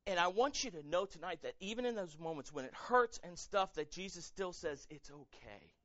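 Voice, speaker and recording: Male pastor, sermon, chatty and animated, bright voice, fairly high, dull dry lo-fi recording. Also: a little fast, no room sound. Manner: animated, conversational, acts out quotes, many fillers and repeats.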